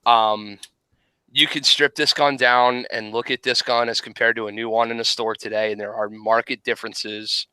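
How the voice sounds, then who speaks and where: A man's voice: medium pitch, flat delivery, moderate pace, pushed and bright, clear, resonant tone, no room sound, rough recording. An American man who is a guest on a live stream, talking in a blunt, opinionated and joking way. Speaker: podcast guest. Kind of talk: casual live-stream chat. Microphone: headset on a video call.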